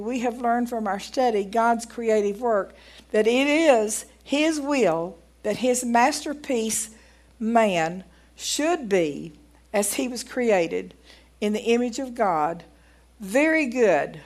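Woman preaching a folksy sermon. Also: a little high. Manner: folksy, grows emphatic and loud when preaching. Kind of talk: sermon reading from a book.

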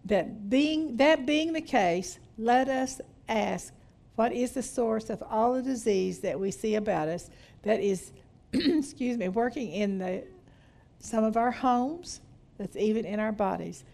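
A woman's voice: fairly high pitch, unhurried, gravelly, darkish tone. A middle-aged woman teaching a women's Bible study, reading from a book and commenting with hallelujahs. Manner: reads aloud from a book and comments, with frequent hallelujahs and laughter.

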